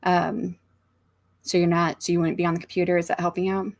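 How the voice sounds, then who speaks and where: Her voice is lowish and fairly flat in pitch, and she talks briskly. A middle-aged American author hosts a casual writing livestream from a home room, rambling as she thinks aloud and reading comments from viewers.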